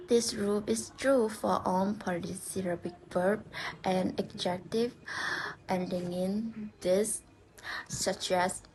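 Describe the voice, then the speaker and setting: A woman's voice: mid-range voice, steady tone, slow pace, darkish tone, poor audio. A young woman student giving a class presentation on word stress, saying each example word twice.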